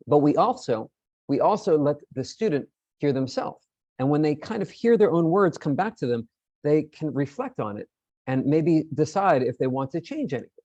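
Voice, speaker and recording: A man's voice: on the high side, warm tone, dry recording, muffled recording. A man presenting an online teacher-training session, explaining in a friendly way and often repeating his words.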